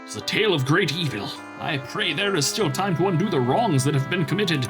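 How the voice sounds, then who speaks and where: A man's voice: on the high side, expressive, brisk, music in the background, voice pushed up, close to an everyday voice. A man voicing an earnest elder brother recounting his ordeal in a raised, grave voice.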